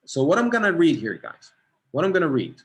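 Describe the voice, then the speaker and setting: A man's voice: on the high side, big pitch swings, fairly quick, crowd noise. A man with an Egyptian accent teaching an online test-prep class, encouraging and reading out students' answers. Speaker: SAT tutor.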